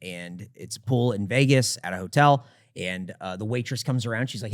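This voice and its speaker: A man on a podcast in casual chat, reacting with quick exclamations and telling his own anecdote. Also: mid-range voice. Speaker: podcast guest.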